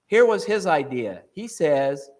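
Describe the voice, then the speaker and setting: A man giving an evening church talk, lively and conversational, often restarting and checking in with questions to the room. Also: fairly high pitch, unhurried. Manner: animated, repeats and restarts, asks the room questions. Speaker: preacher.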